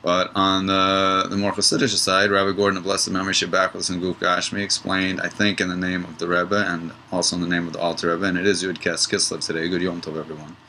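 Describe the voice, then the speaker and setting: A man teaching a relaxed, digressive Torah study lesson. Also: sits low, a little fast, few pauses, slight background noise, rough recording. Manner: relaxed, digressive, tells a joke mid-lesson.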